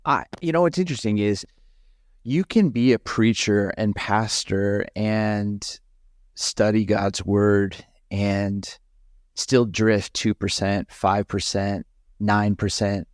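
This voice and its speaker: Earnest halting man, dry close sound. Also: fairly low pitch, no room sound. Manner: earnest, halting, with repeated restarts. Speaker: pastor, podcast guest. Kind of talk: reflective conversational interview.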